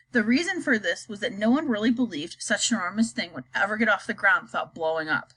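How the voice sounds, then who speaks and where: A woman reading a children's book aloud in a lively, expressive way with occasional slips. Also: on the high side, slightly rough, rough recording. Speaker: narrator. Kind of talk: storybook read-aloud.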